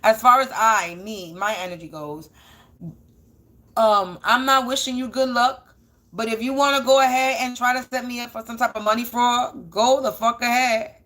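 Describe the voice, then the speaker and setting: A woman's voice: on the high side, steady tone, normal speed, a bit bright. A woman doing a casual spiritual reading, blunt and profane, repeating phrases for emphasis. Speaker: spiritual energy reader.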